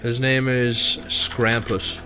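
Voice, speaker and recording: A man's voice: mid-range voice, level tone, takes it slowly, sharp tone. A man chatting casually and joking while playing a video game. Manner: joking, jokey voices, laughs often. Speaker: game commentator. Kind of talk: casual let's-play chat. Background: game music.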